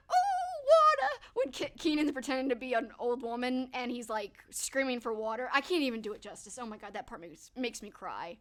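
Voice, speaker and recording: A young adult woman chatting casually to her live stream viewers, animated and quick to laugh, sometimes slipping into silly movie-quote voices. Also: fairly high pitch, background noise.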